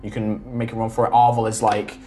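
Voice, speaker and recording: A man runs a tabletop battle as game master, talking through the action in a loose, unhurried way full of "like" and "um." Music plays clearly beneath him. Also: on the low side. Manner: relaxed, filler-heavy storytelling.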